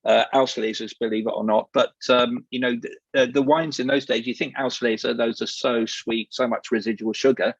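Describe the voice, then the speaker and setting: A man's voice: medium pitch, steady tone, moderate pace, vocal fry, husky, dry recording, lo-fi sound. A man in his sixties, a wine merchant talking as guest expert in a casual panel, rambling and hesitant with many fillers. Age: 60s.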